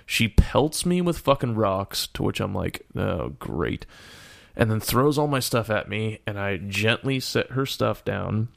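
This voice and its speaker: A young man telling a profane, animated story in casual chat, bursting into shouts and laughter. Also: on the low side, unhurried, gravelly, hardly any pauses.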